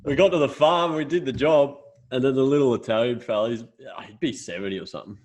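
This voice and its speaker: A young Australian man co-hosts a casual podcast in a fast, medium-pitched voice with a darkish tone. He tells stories, swears freely, and laughs as he goes.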